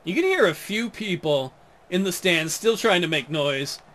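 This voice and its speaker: A man with a high, very lively voice riffs over a football video game in a relaxed, playful way. He jokes and teases as he plays, swinging his pitch up and down. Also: moderate pace. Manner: jokey, playful, laughs often. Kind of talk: casual gameplay commentary.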